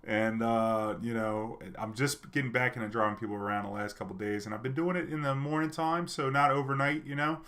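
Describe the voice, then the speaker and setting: A man's voice: mid-range voice, steady tone, brisk, hardly any pauses, fairly bright tone. A man telling a personal story to his viewers in a loose, chatty way, full of fillers and restarts. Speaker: streamer and storyteller. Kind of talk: casual storytelling.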